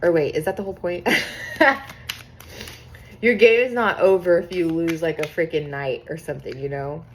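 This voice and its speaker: A young woman giving a casual tarot reading to her viewers, chatty and excitable, swearing freely and reading card texts aloud. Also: fairly low pitch, moderate pace, long pauses, slight background noise. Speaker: tarot reader.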